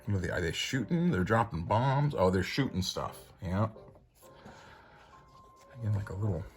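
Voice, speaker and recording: A man's voice: on the low side, lively intonation, normal speed, faint music behind. A man casually reviewing a comic book, rambling with lots of fillers and frequent chuckles. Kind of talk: casual commentary.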